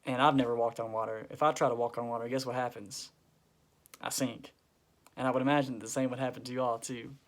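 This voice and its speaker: Animated man teaching kids a Bible story. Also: medium pitch. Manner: animated storytelling, acts out characters. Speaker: children's church teacher.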